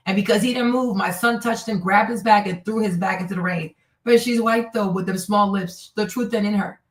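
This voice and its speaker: Brief: woman streamer host, animated, mocking commentary, mid pitch, distant mic in a reverberant room. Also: moderate pace. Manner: animated, mocking, talks back at clips, drops in Spanish words. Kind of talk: live-stream commentary on video clips.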